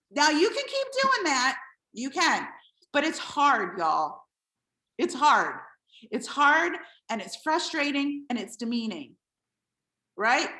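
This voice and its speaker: A woman giving an animated, playful motivational talk to her team, acting out quoted voices. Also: high voice, roomy sound. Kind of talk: motivational live video talk.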